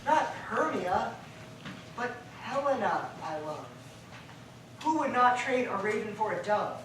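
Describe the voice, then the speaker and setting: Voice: mid-range voice, sing-song, unhurried, noisy background. An actor playing an impulsive young male lover on stage, speaking ardent verse in a distant, echoey recording. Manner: ardent verse with sudden loud outbursts. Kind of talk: stage play acting.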